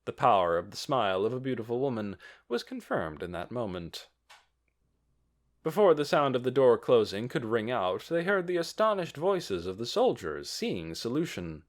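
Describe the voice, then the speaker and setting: A man narrating an audiobook with expressive reading. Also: on the low side, moderate pace.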